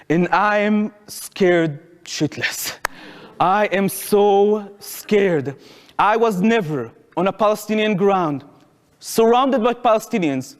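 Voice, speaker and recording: A man's voice: high voice, big-room sound. A man in his twenties with an Israeli accent, retelling his own story to an audience in vivid present tense. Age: 20s. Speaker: speaker at a public talk. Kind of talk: first-person storytelling to an audience. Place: lecture hall.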